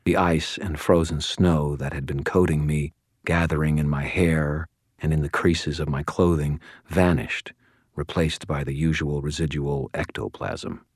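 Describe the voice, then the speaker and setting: A man narrating a first-person audiobook in a steady, measured storytelling voice on a close studio mic. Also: rumbling low, husky, dry recording.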